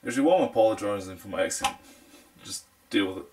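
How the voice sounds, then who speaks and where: A man's voice: lowish voice, fast talker, a little mellow, a little hiss or hum. A young man with a New Zealand accent giving a casual, jokey hands-on review of computer parts, rambling with fillers. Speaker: tech reviewer.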